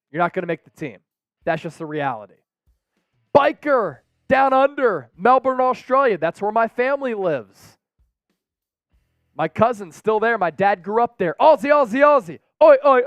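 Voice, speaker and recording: A man hosting a live stream, calling the game play by play with energetic fan banter and shout-outs. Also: sits high, dry recording, dull audio.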